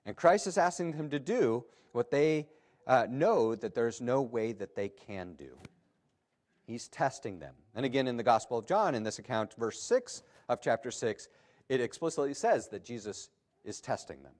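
A male pastor delivers a sermon. His pitch rises and falls across a wide range. He leans hard on key phrases, then drops low and quiet again. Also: moderate pace. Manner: animated preaching with emphatic rises and drops.

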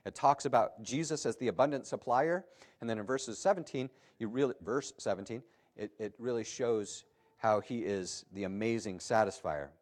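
A male pastor delivers a sermon with animated emphasis, his voice abruptly rising and dropping. He speaks in a mid-range voice at a moderate pace.

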